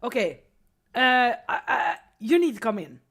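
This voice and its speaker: A woman's voice: on the high side, very animated, unhurried, fairly bright tone. Chatty swearing woman streamer. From Sweden. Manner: chatty, swears freely, laughs often. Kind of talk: casual livestream chat while drawing.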